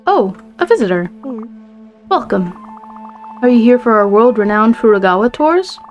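A woman's voice: fairly high pitch, sing-song, normal speed, lo-fi sound. A woman voicing a chipper island tour guide in a put-on British accent, reading game dialogue aloud with cheery, salesy patter. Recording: faint game music behind.

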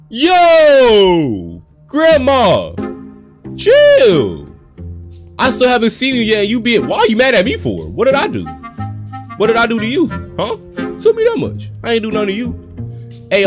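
A man playing a horror game and reacting out loud. He talks in a slangy, jumpy way and shouts and yelps whenever something startles him. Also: high voice. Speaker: gaming video creator.

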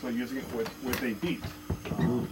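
Man chanting drum strokes over loud drums. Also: medium pitch, fairly even intonation, normal speed, over loud music, low-quality recording. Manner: counts and chants drum strokes aloud, loose and chatty. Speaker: drum teacher. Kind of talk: casual instructional drum lesson. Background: loud drumming.

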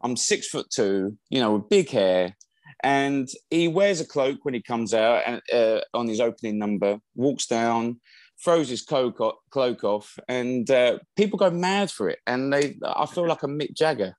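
A man talking casually as an interview guest, loose and rambling, full of ums and restarts. His voice is mid-pitched and sits dry and close, with no room sound around it. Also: animated, unhurried, darkish tone, no room sound. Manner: chatty, rambling with many fillers and restarts. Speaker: musical theatre actor, interview guest.

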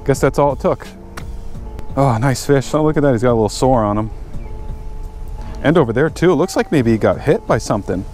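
A man's voice: mid-range voice, expressive, a little fast, long pauses, darkish tone, faint music behind. A man talking casually to viewers while working on his car and fishing at a lake, chatty and easily frustrated. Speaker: fishing vlogger. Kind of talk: casual vlog narration. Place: outdoors by a lake.

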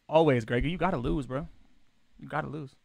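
A male gaming streamer talking loosely with his chat, full of slang and swearing. His voice sits a little high and climbs sharply when he gets defensive. The sound is close and dry, with no room around it. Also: unhurried, gravelly, no room sound. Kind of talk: casual live-stream chat with viewers.

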